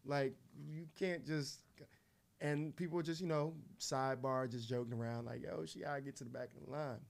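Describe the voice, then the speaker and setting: A man co-hosting a morning radio show, telling a story in a casual, animated way and acting out the voices of the people in it. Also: medium pitch, normal speed, gravelly.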